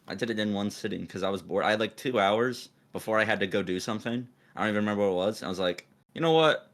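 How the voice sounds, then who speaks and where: A man's voice: fairly low pitch, steady tone, rapid-fire. Chatty teenage guy telling a story. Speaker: co-host. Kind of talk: casual podcast chat.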